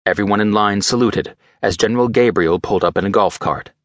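A man with a lowish voice reads scripted audiobook narration in a steady, measured manner, recorded dry in a clean studio.

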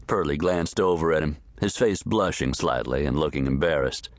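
A man reading a western novel aloud as audiobook narrator, steady and measured, close to the mic. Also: a bass voice, no echo.

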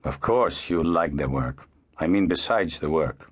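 A man's voice: a bass voice, lively intonation, unhurried, heavily acted. A man voicing a stern, worldly middle-aged uncle who questions and commands in a dry, probing way. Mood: teasing.

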